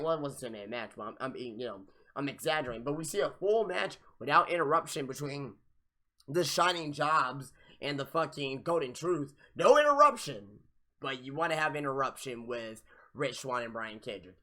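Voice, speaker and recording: Young guy ranting on a wrestling podcast, super bright sharp voice, kinda high, swears a lot and keeps blowing up. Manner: profane, exasperated ranting with sudden loud outbursts. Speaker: podcast host reviewing wrestling. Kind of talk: live wrestling review rant.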